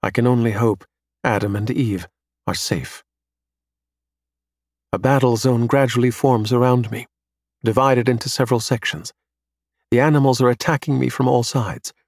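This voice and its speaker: A man reading a science fiction audiobook in a measured, even storytelling manner. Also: mid-range voice, dry recording, studio quality. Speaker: narrator. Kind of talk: scripted audiobook narration.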